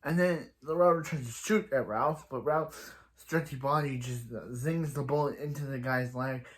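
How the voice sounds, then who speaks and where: A man talks through a TV episode in a loose, casual recap. He keeps restarting and correcting himself and chuckles now and then. His pitch sits at an ordinary middle height. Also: moderate pace. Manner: rambling, frequent restarts and self-corrections. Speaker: TV episode reviewer.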